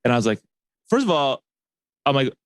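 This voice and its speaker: A man hosting a podcast, spinning a loose personal story with plenty of "like" and "right?" as he goes. His pitch sits in the middle of the range for a man. The sound is dry and close, with no room around it. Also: a little fast, clear, resonant tone, no room sound. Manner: animated, rambling storyteller with many fillers. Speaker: podcast host.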